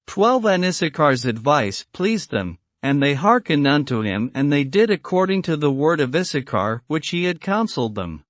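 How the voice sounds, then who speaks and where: A man's voice: fairly high pitch, big pitch swings, normal speed, hardly any pauses, no room sound. A man reading an old scriptural story aloud in a solemn archaic style, calling out verse numbers. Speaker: narrator.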